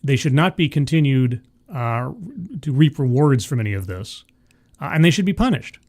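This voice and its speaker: A man's voice: mid-range voice, expressive, normal speed, darkish tone. A man hosting a casual livestream, greeting viewers by name, reading news aloud and giving blunt opinions. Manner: chatty, reads news aloud and comments bluntly. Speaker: livestream host. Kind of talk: casual live commentary.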